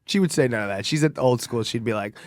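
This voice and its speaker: A young man from the Bronx talks, brash and profane, laughing his way through stories in casual podcast chat. His voice sits at a middle pitch. The sound is dry and close. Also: quick pace, no echo. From the Bronx, New York. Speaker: guest comedian.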